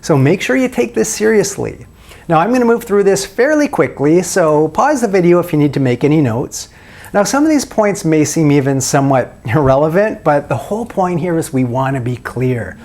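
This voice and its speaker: A man's voice: on the high side, big pitch swings, moderate pace, darkish tone. A man giving self-help dating advice in a video, walking the listener through a long run of guiding questions. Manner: asks the listener question after question in a coaching tone. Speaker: dating coach.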